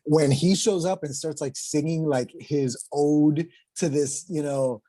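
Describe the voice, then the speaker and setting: Podcast host, young man, husky, dry close sound, gets fired up telling stories. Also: on the high side, measured pace, dry recording. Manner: excitable storyteller, slangy. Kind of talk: casual chat.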